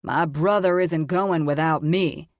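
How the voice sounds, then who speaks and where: A woman's voice: low-pitched, unhurried, dry recording, clean studio sound. A woman voicing a proud, wry male wolf shifter in an audiobook. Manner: wry, sarcastic.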